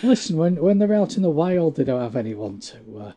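Laid-back man with a dark voice. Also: fairly high pitch, very animated, brisk. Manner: laid-back, brief replies, trails off mid-sentence. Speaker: co-host. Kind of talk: casual chat.

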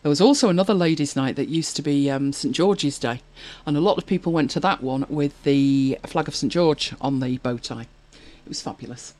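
A woman's voice: deep voice, normal speed, a little mellow. A woman hosting a casual chat show, telling anecdotes and reading viewer comments with frequent laughs. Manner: chatty, anecdotal, laughs often. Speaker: podcast host.

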